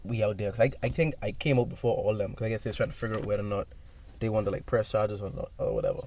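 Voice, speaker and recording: A young man telling a rambling, animated story in casual podcast chat, acting out other people's voices as he goes. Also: on the low side, very fast, creaky. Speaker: podcast guest. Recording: distant mic with faint noise.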